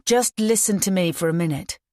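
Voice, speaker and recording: A woman's voice: fairly low pitch, darkish tone, dry recording, studio quality, natural voice. A woman voicing a nervous young man who speaks carefully while bluffing a gangster. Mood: pleading. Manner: careful, slow and deliberate.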